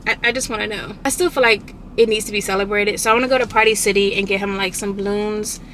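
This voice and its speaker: A young woman, chatting casually in her vlog and telling stories with animated quoted outbursts. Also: mid-range voice, fast talker, a little hiss or hum. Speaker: vlogger. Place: inside a car.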